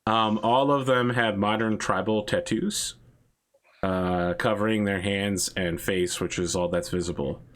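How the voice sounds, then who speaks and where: A man with a lowish voice runs a tabletop game, narrating scenes in a relaxed, unhurried way with plenty of ums. He chuckles along as he describes what the players see. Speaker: game master.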